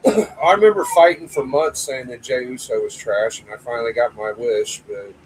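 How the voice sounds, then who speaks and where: A man in a casual wrestling chat, blunt and quick to swear. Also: medium pitch, slight background noise, poor audio.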